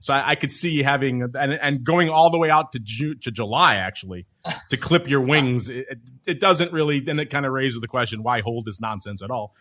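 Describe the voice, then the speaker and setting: A man's voice: mid-range voice, brisk, fairly bright tone. Joking male podcast host. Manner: joking, chuckles often, teasing nicknames. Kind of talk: casual podcast chat.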